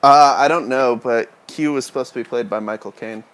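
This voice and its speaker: A man co-hosting a casual gaming stream, chatting in a relaxed way and laughing often. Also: medium pitch, a little fast, clean tone. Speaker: co-host.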